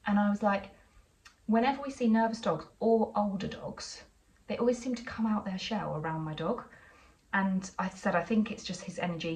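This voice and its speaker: A woman's voice: lowish voice, distant mic, slight background noise, low-quality recording. A woman with an English accent chatting casually in a vlog, telling a rambling story with lots of asides. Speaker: vlogger.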